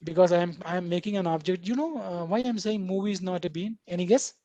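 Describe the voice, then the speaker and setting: Teaching coding live online, a man speaks quickly in a high, mellow voice; the recording is muffled but has no echo. He talks chattily, plays out what the editor tells him, and keeps checking in with "right?".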